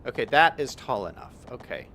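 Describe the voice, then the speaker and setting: A man's voice: mid-range voice, big pitch swings, fairly quick, background noise. A young man giving casual gameplay commentary, upbeat and chatty, thinking aloud as he plays. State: hiccups. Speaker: gaming YouTuber.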